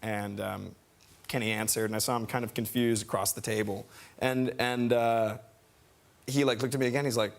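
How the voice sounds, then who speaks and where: A man in his thirties, a guest on a television talk show, telling an excited, rambling story with many restarts. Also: mid-range voice, moderate pace, gravelly. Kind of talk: casual anecdote. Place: television studio.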